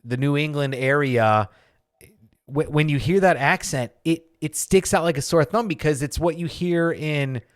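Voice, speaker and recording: A man's voice: a little high, moderate pace, no echo, clean studio sound. Joking man. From Michigan, USA. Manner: loose and joking, repeats words and restarts often. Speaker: podcast host. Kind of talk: casual podcast conversation.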